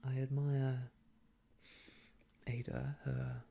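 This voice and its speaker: A man softly reading an old novel aloud for ASMR, hushed and slow, slipping into whispers, close to the mic. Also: mid-range voice, level tone, gravelly. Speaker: storyteller.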